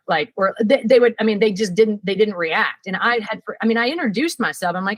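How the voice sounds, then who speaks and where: A woman, a guest telling lively stories about her work in a casual interview, with lots of fillers. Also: mid-range voice, brisk, few pauses, dry recording, poor audio. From Georgia, US. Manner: lively, animated, many fillers. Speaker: guest, production director.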